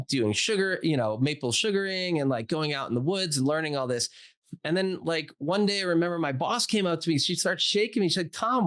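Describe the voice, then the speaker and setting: Animated storytelling man, higher voice. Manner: animated, acts out quoted dialogue, many "like" fillers. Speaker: doctor and interview guest. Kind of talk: casual storytelling in a podcast interview.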